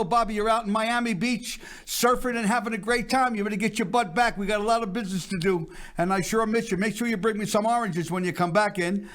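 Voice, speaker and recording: A man's voice: high-pitched, a bit bright. An older man hosting a variety show in a chatty, rambling way, telling stories and jokes. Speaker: show host. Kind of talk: casual show chat and joke-telling.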